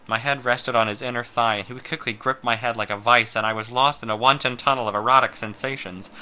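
A man reading a first-person story aloud in a slow, measured way, sometimes dropping to a hush. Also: mid-range voice, steady tone, smooth. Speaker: narrator.

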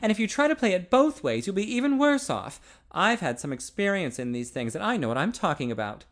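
A man reading a novel aloud, voicing an intense, earnest young man in a higher, louder, pleading voice. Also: very animated, fairly quick. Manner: urgent, pleading, higher and louder than the narration.

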